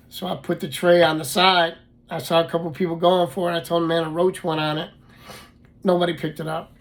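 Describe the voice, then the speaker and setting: A man casually telling his own life story, halting often with fillers and restarts. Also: fairly high pitch, flat delivery.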